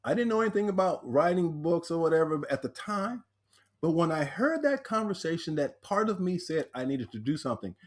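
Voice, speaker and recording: Man, podcast guest, storyteller, lively swooping pitch, a bit high. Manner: animated storyteller acting out quoted voices. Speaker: guest, speaker and author.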